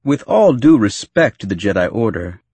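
A man voicing an earnest, worried male senator pleading reasonably in his own husky voice. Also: fairly low pitch, very animated, moderate pace, darkish tone, no room sound. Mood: urgent.

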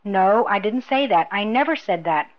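Guarded, sharp young princess, read by a woman; curt delivery; muffled audio. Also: mid-range voice, expressive, moderate pace, lightly acted. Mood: wary. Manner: wary, sharp. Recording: dull lo-fi recording.

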